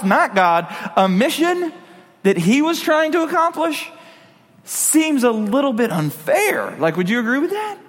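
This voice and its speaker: High-voiced casual preacher in a reverberant hall. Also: male voice, a bit bright. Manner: conversational, jokey asides to the audience. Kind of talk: casual sermon.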